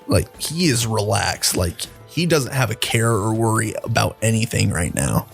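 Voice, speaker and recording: A man's voice: on the low side, lively intonation, moderate pace, gravelly, soft background music. A man narrating a tabletop game as dungeon master, in a casual, loose way with many fillers.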